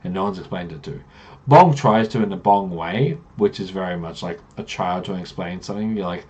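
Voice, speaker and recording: A man's voice: low voice, fairly quick, darkish tone, slightly rough. A man, a game master recapping a tabletop campaign in loose, rambling storytelling.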